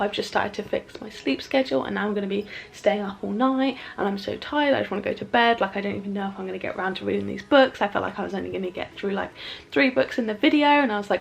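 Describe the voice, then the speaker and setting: A woman's voice: mid-range voice, fast, gravelly. A young woman chatting casually to camera in a book vlog, rambling and saying "like" a lot. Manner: chatty, rambling, says "like" often. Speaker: book vlogger.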